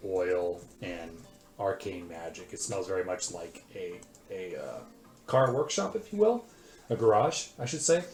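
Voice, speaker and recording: A man with a lowish voice narrates a tabletop game as its game master. He pauses often and fills gaps as he describes the scene. The room gives his voice a noticeable echo. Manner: halting, full of fillers. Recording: roomy echo.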